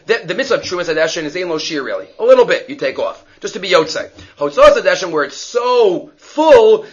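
Animated high-voiced man teaching Torah. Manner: animated, acts out story voices, mixes Hebrew terms. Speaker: Talmud teacher. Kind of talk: daily Torah class. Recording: dull lo-fi recording.

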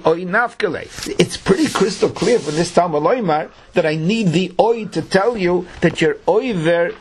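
A man's voice: a little high, a bit bright, husky. A man teaching a Talmud class, chanting the passages in a singsong and explaining them to his students. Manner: singsong chanting of Hebrew and Aramaic passages mixed with plain explanation; addresses students affectionately.

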